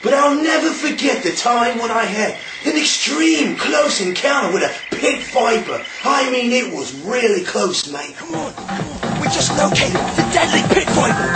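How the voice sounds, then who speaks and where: An actor playing an excitable Australian male wildlife showman, shouting breathlessly in a comedy skit. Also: very high voice. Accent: Australian (impression). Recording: loud music under the voice.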